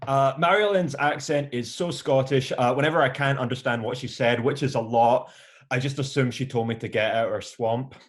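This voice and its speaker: A man's voice: mid-range voice, a little fast. A man playing a comedy game show panelist, roasting another player over a video call. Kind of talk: comic banter.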